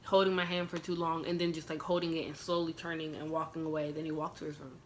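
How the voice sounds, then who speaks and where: A woman's voice: low voice, little pitch movement, fast, background noise. A young woman vlogger telling a personal storytime in an emotional, casual way, full of "like" fillers. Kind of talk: storytime vlog.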